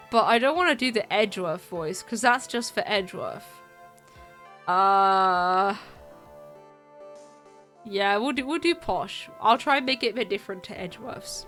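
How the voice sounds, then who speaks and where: A woman's voice: medium pitch, animated, measured pace, fairly bright tone, soft background music. A woman streamer chatting playfully as she plays through a game live.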